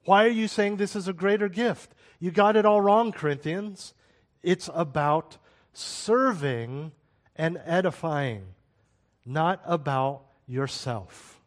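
A man's voice: on the high side, takes it slowly. A man giving a sermon-style Bible teaching in a conversational way, with rhetorical questions and asides.

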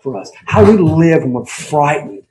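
Man, pastor, sermon, emphatic, slightly high voice, dramatic pauses. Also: very animated, darkish tone, slight background noise, poor audio. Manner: emphatic preaching with dramatic pauses and swings in volume.

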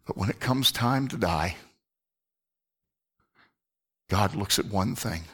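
Low-voiced earnest male preacher. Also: animated, moderate pace, slightly rough. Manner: earnest, drops to a hushed near-whisper for emphasis. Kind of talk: sermon.

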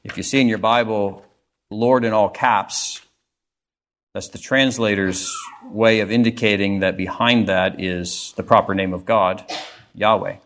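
A man's voice: fairly low pitch, steady tone, measured pace, a bit bright, slight background noise. A male pastor giving an earnest, emphatic sermon, reading scripture and stressing key phrases.

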